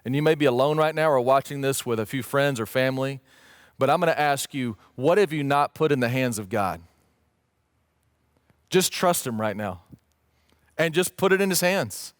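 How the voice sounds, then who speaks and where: A man's voice: medium pitch, moderate pace, long pauses, dry recording, clean studio sound. A man preaching a sermon as pastor, earnest and emphatic, rising into pleading questions. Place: church stage or studio, streamed online.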